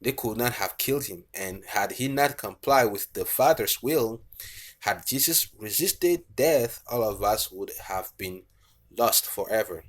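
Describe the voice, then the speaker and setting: A man's voice: on the low side, animated, a little slow. A male preacher giving a bible teaching, reading verses aloud and explaining them with frequent fillers. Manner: reads scripture aloud, frequent fillers and "okay".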